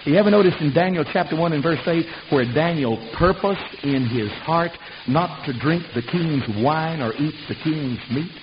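A man's voice: a little high, moderate pace, hardly any pauses. Older male preacher, folksy fire-and-brimstone delivery, muffled hissing recording. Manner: folksy, fiery, preaching with sudden loud shouts. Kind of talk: sermon. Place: church service. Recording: dull lo-fi recording with hiss.

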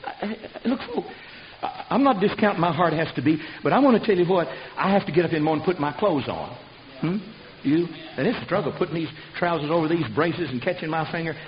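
An older man preaching a folksy, fiery sermon in church, breaking into loud shouts. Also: fairly high pitch, animated, fast talker. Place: church service. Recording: dull lo-fi recording with hiss.

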